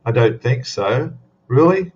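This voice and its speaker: A man's voice: lowish voice, unhurried, muffled recording. A man hosting a casual live stream, rambling chattily and greeting viewers by name. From Australia. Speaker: livestream host.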